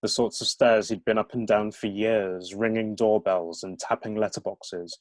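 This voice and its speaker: A man's voice: on the low side, steady tone, normal speed, darkish tone, no room sound. A male author talking at a book event and reading from his novel, with many hesitations.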